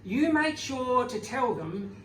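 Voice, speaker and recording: A man's voice: extremely high pitch, animated, slow pace, a bit bright, a little hiss or hum, voice pushed up, exaggerated voice. A man voicing a cranky, mischievous old Irish friar in a mock-solemn, teasing way, heard from a distance in a roomy hall.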